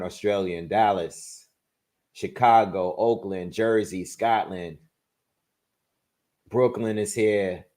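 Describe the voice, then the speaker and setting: On a casual boxing livestream, a man reads off where his viewers are tuning in from in quick bursts, thinking aloud as he shares his predictions. His voice is lowish with a somewhat dark tone.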